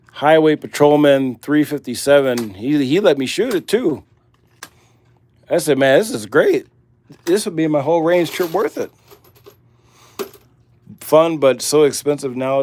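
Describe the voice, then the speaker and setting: A man's voice: medium pitch, a little mellow. Man, Midwestern accent, livestream host, casual rambling chat, easygoing. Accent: Midwestern American. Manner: rambling and laid-back, full of "you know" and "man". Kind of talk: casual livestream chat while working on a task.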